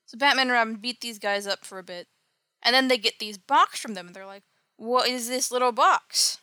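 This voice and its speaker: A woman host walks through an old comic book in a casual, wry way, adding sarcastic commentary as she goes. Her voice is bright and crisp, recorded close and dry with no room sound. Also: a little high, fast, dry recording. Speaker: podcast host.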